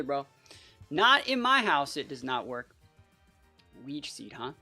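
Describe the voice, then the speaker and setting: An excitable young adult talks through a competitive match, casual and quick to react. The voice swings widely in pitch. Soft music plays underneath. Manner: casual and excitable, heavy use of "like" and "bro". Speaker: competitive battle player and channel host. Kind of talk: live gameplay commentary.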